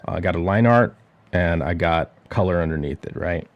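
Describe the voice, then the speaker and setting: A man's voice: low-pitched, fairly quick, dull audio, crowd noise. A man casually talking through a digital drawing demo on a livestream, muttering and swearing to himself as he works. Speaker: artist streamer.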